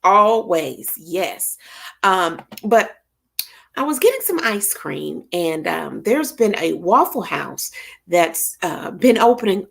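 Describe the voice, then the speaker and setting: A woman's voice: on the low side, takes it slowly, vocal fry. A middle-aged woman, hosting a casual live stream and chatting with viewers by name. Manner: lively, chatty, greets viewers by name, Southern church expressions. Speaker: livestream host.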